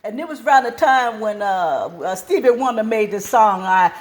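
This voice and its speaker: A woman hosting a cooking show and telling a story at her kitchen stove, lively and plain-spoken. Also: a little high, moderate pace.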